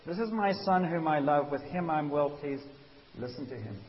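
A man voicing God the Father as a deep, gentle, firm male spirit, speaking low and hushed. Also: expressive, normal speed, natural voice. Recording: dull hissy recording in a reverberant hall.

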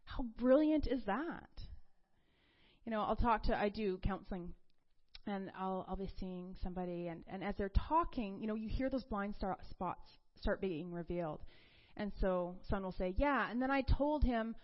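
A middle-aged woman who works as a counselor, speaking earnestly and confidingly about faith, her voice dropping soft and breathy at tender moments. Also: mid-range voice, moderate pace. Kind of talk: personal faith talk. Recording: slightly dull lo-fi recording.

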